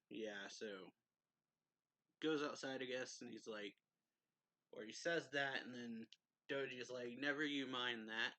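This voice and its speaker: A man's voice: mid-range voice, sharp tone, dry recording, rough recording. A man casually reviewing a manga chapter, recapping the plot in a rambling way, chuckling often and using lots of fillers.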